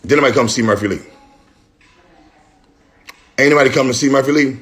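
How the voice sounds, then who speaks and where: A middle-aged man on a phone livestream, rambling and heated, full of slang and swearing, who jumps into a higher voice when he mocks what others said. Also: brisk, fairly bright tone. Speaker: rapper responding on a livestream. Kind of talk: casual livestream rant.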